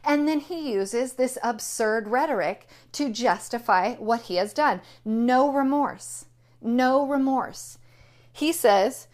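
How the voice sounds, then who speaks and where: A woman's voice: a little high, takes it slowly, darkish tone. A woman giving an indignant, emphatic political opinion monologue, repeating her key phrases. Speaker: political commentator.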